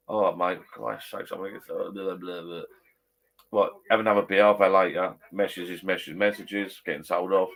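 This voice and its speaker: Bloke, lowish voice, chatty and rambling, casual pub-style banter from a garden shed bar. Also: male voice, fairly even intonation, fast talker, a bit bright. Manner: chatty, rambling, self-correcting. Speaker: vlogger chatting with live viewers.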